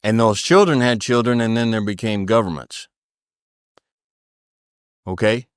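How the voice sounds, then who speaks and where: The speaker is a middle-aged man guesting on a podcast, his voice on the low side, smooth and unhurried. He tells stories and gives earnest, preaching advice on family and faith, repeating phrases for emphasis, in clean studio sound without echo.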